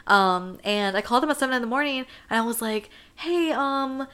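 Bright-voiced young woman telling a story. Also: fairly high pitch, fast, clean tone. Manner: animated, acts out quotes while telling stories. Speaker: friend in conversation. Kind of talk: casual chat, storytelling.

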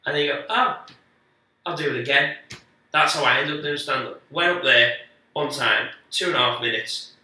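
Off-mic and very echoey, this man's mid-range, sharp-toned voice comes through distantly. He's a guest comedian rambling through sweary stories in casual chat, restarting often.

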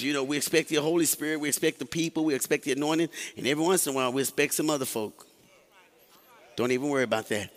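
A man's voice: mid-range voice, fairly bright tone. A pastor preaching a sermon to his congregation in a church, folksy and joking, with asides and call-and-response. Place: church sanctuary. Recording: long hall reverb.

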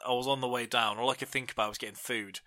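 A young man tells funny stories on a casual podcast. His voice is very bright, recorded dry and close. He laughs a lot and livens up when quoting people. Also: mid-range voice, fast, no echo. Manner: laughing storyteller, animated in quoted bits. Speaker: podcast co-host. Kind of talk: casual chat.

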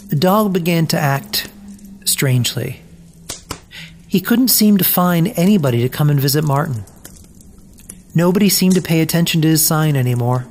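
A storyteller reading a children's story aloud in a slow, measured, gentle way with long pauses. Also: mid-range voice, a little hiss or hum. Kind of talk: scripted narration of a children's story.

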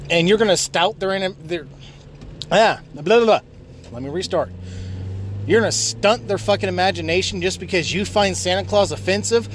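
High-pitched man ranting profanely in his car. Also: a little hiss or hum. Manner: swears constantly, yells at other drivers. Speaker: vlogger ranting while driving. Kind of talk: profane driving rant. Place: inside a car while driving.

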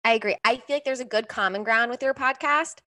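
A young woman in her twenties co-hosting a podcast in casual chat, talking quickly with many "like" fillers. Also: fairly high pitch, sharp tone. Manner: chatty, frequent "like" fillers. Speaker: podcast co-host.

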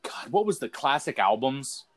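A man's voice: medium pitch, big pitch swings, normal speed. A man co-hosting a casual podcast chat, telling a rambling story with lots of fillers and restarts. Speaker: podcast co-host.

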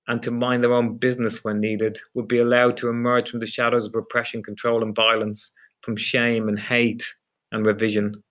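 Measured male storyteller. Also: medium pitch, a bit bright. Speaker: narrator. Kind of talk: audiobook reading.

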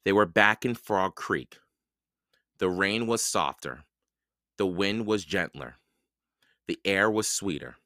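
A man hosting a podcast and reading a children's book aloud with slow, expressive storytelling. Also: deep voice, no echo, clean studio sound. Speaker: podcast host and reader.

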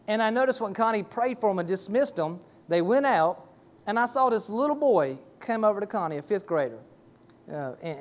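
A middle-aged man preaches from the pulpit. His voice sits high for a man. He tells his story in a folksy, rambling way, full of restarts and asides. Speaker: pastor. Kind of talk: sermon with personal story.

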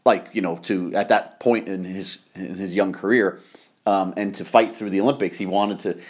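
Low-voiced middle-aged American man, rambling. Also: normal speed. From United States. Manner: rambling storyteller, excitable and laughing. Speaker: podcast host. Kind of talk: casual chat.

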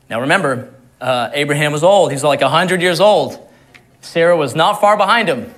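A man's voice: a little high, moderate pace, fairly bright tone. A man preaching a sermon in a conversational way, often repeating words and laughing at his own jokes. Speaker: pastor.

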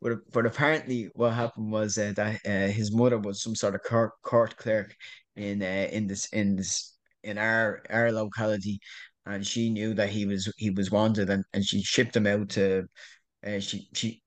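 A man's voice: on the low side, level tone, normal speed. Middle-aged irish guy telling a story, keeps repeating words, laughs a lot. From Ireland. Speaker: guest. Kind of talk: casual storytelling in an interview.

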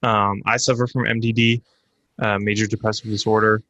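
A man's voice: on the low side, flat delivery, a little fast, bright, forceful tone, lo-fi sound. A young man co-hosting a podcast, telling personal stories in a candid, rambling casual chat with lots of fillers. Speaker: podcast co-host.

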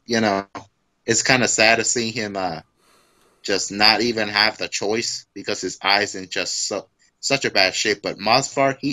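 A man co-hosting a casual fight recap podcast, talking loosely with many halting fillers. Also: fairly low pitch, pushed and bright, rough recording. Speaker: podcast co-host.

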